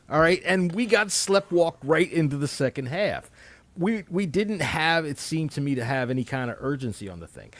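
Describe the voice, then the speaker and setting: A man's voice: fairly high pitch, lively intonation, moderate pace, fairly bright tone, no echo. A man hosting a casual sports podcast, ranting and swearing freely. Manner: profane, ranting, mock announcements. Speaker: podcast host.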